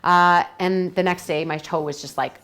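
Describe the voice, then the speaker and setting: A woman's voice: fairly low pitch, fairly even intonation, moderate pace, a bit bright, clear, resonant tone. A woman presenting a detox program to a group, talking chattily and enthusiastically and acting out her own quotes.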